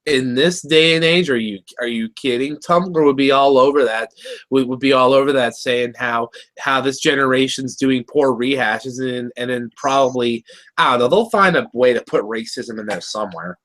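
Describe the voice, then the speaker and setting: A man's voice: medium pitch, normal speed, a bit bright. A man of Mexican heritage reviewing a cartoon episode in rambling, joking casual chat.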